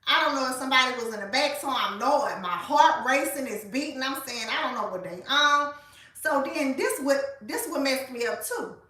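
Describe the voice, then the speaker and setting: A woman, telling a story in a casual, animated way and speaking straight to her listeners. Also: high-pitched, normal speed, distant mic. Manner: animated, colloquial, addresses listeners as y'all. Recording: echoey room, voice off-mic.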